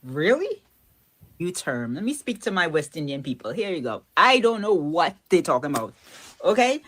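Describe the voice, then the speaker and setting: A woman with a low voice that swings widely in pitch, speaking in an opinion monologue. She presses her points with rhetorical questions. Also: very animated, normal speed, a bit bright. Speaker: commentator in a played clip.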